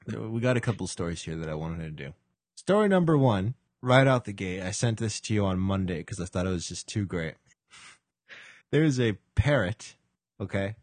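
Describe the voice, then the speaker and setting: A man hosting a podcast in a loose, jokey chat. His pitch swings up and down a lot, and his tone is a little husky. The sound is dry and close. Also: sing-song, moderate pace, darkish tone, no room sound. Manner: laughs often, swears, jokey. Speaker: podcast host. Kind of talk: casual chat.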